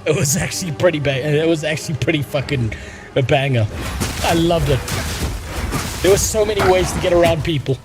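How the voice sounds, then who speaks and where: A man's voice: a little high, a little fast, pauses often. Blunt, profane young man streaming a game. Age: young adult. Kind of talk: casual gaming stream chat. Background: game music.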